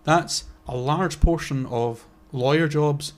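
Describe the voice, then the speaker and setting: A man's voice: on the high side, takes it slowly. A man co-hosting a casual podcast chat, rambling with lots of fillers and restarts. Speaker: podcast co-host.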